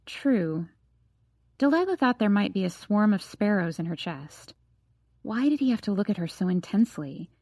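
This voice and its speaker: A woman's voice: mid-range voice, very animated, normal speed, darkish tone, no room sound. Woman narrating an audiobook, dry and close. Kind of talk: scripted narration.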